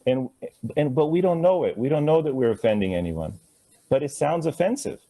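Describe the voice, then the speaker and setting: A man's voice: on the high side, expressive, fairly quick, dark tone. Playful man teaching pronunciation to a class. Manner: conversational, drawing out words to model pronunciation; playful, chuckling asides. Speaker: Sanskrit teacher.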